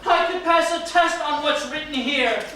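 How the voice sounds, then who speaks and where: A man's voice: very high-pitched, moderate pace. A man playing a flustered, blustering bank official. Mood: defensive. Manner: exasperated, blustering, shouting outbursts. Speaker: stage actor. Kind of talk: live stage comedy acting. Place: small theater stage. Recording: echoey theater from far off, noisy.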